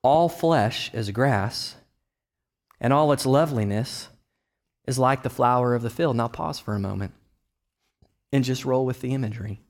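A man in his thirties from Texas preaching a sermon, conversational with personal stories, rising to loud emphatic bursts and dropping to quiet low asides. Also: normal speed, long pauses. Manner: conversational, with restarts and personal anecdotes. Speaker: pastor.

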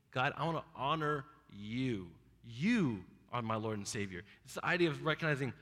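Animated preacher man in an echoey hall. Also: fairly high pitch. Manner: animated storytelling, acting out biblical characters. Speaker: pastor. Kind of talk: sermon.

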